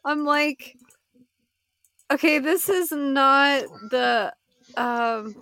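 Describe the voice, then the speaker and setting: A woman's voice: sits high, extremely slow, pushed and bright, dry recording, studio quality. A woman playing in a tabletop game, chatting casually, laughing often and swearing. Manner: giggly, swears, tells stories animatedly. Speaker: player. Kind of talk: casual chat.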